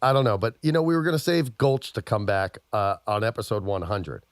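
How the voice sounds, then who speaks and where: A man's voice: fairly low pitch, a little fast, no echo, studio quality. A man co-hosting a podcast in casual chat, telling rambling stories with plenty of swearing. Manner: profane, rambling storyteller. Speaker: podcast co-host.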